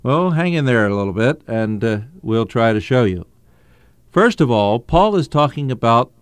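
A man's voice: medium pitch, clear, resonant tone, dry recording. Emphatic man teaching the Bible on radio. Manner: earnest, emphatic, stretches key phrases.

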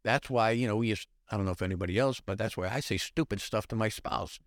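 A retired police lieutenant in an animated podcast interview, acting out quoted dialogue in shifting voices. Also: male voice, fairly low pitch, fast talker, no echo, studio quality. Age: older.

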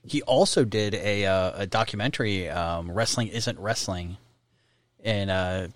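A man's voice: fairly low pitch, measured pace, no echo, clean studio sound. A man in casual movie chat who rambles through trivia with many fillers.

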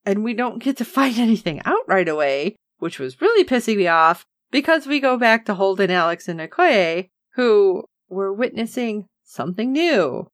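A woman co-hosting a casual chat, recapping an episode and acting out the characters' lines with lively reactions. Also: mid-range voice, normal speed, few pauses, no echo, clean studio sound. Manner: animated, acts out characters' lines. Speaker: podcast co-host recapping a TV episode.

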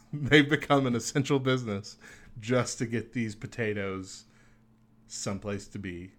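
A man's voice: fairly low pitch, steady tone, measured pace, fairly bright tone. Laughing man hosting a morning show. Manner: joking, laughs often. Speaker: host. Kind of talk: casual morning show banter.

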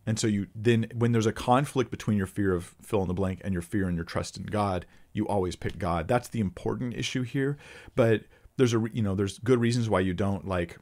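A man hosting a Bible question-and-answer session, explaining scripture in a relaxed, unscripted way, often thinking aloud and restarting his sentences. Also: lowish voice, a little fast. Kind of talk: casual unscripted Bible teaching.

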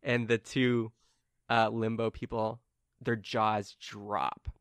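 A man's voice: fairly low pitch, slow pace, clear, resonant tone, no echo, clean studio sound. A man running a tabletop game, narrating scenes and rolling dice with lots of fillers and frequent laughter. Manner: lively, giggly, filler-heavy. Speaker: game master.

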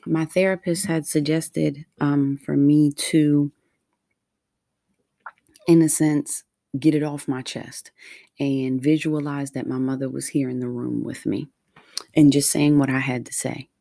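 Low, dark-voiced woman sharing earnestly. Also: steady tone, vocal fry, no echo. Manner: earnest, heartfelt, slow and deliberate. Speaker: vlogger. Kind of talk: personal reflective monologue.

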